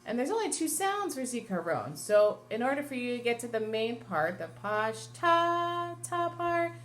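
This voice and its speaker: A woman's voice: on the high side, very animated, brisk, a little mellow. Woman cantor teaching chant step by step. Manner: patient, explanatory, step-by-step, breaks into chant. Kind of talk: classroom lesson with sung examples.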